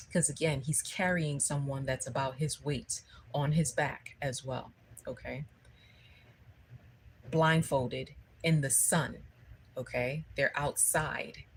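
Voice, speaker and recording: Deep-voiced lady doing a spiritual livestream, slow and chatty, keeps asking okay?. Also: fairly even intonation, a little hiss or hum, low-quality recording. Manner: conversational storytelling, keeps checking in with "okay?". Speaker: spiritual speaker.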